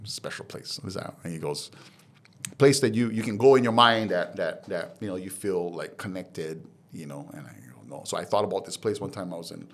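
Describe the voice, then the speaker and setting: A man from Hawaii, a podcast guest, telling his life story candidly and acting out the dialogue he quotes. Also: low voice. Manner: animated retelling, acts out quoted dialogue.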